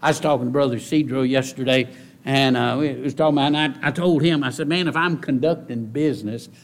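A man preaching a sermon in a folksy way, repeating key phrases and rising into loud exhortation. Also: quick pace. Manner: rises to loud, high-pitched exhortation. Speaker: pastor.

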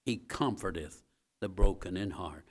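A male preacher delivers a sermon in a homespun, conversational way, tossing quick asides to his listeners. He repeats his key lines, often sinking into a low, quiet hush before climbing into loud, emphatic bursts. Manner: folksy asides to the congregation.

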